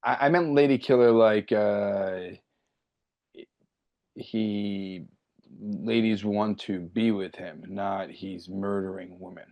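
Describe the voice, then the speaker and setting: A man's voice: on the low side, slow pace, vocal fry, darkish tone. A man co-hosting a comedy podcast, playing the dry straight man with short, understated replies. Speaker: podcast co-host.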